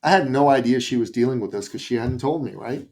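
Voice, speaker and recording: A middle-aged man from Canada tells a story as a podcast guest. He speaks in an animated way with a mid-range voice. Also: mid-range voice, fast. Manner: animated, acts out quoted voices.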